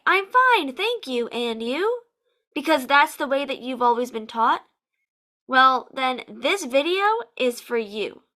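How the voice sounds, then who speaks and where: An American woman, an online English teacher, giving a lively to-camera lesson and acting out sample phrases with emphasis. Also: sits high. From United States.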